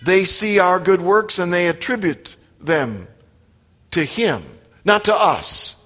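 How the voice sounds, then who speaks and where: A man's voice: high voice, lively intonation, slow, pushed and bright. A man preaching a sermon to his congregation, emphatic and direct, often asking his listeners questions. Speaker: pastor. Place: church sanctuary. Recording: long hall reverb.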